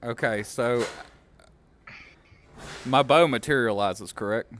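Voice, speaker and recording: A man's voice: medium pitch, takes it slowly, fairly bright tone, slight background noise. A man playing a tabletop game, speaking hesitantly with many fillers. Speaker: player. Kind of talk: tabletop role-play.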